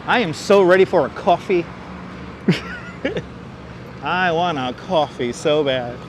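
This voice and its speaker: A man with a slightly high, expressive voice takes his time as he livestreams a walk through the city. His commentary is a steady stream of jokes and sarcasm, picked up by a wireless clip-on mic over outdoor traffic noise.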